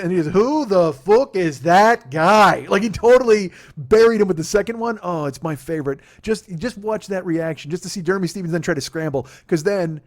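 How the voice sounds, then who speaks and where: A man in his forties hosting a podcast, telling a story in a casual, profane, animated way and laughing at his own retellings. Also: high-pitched. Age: 40s. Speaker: podcast host.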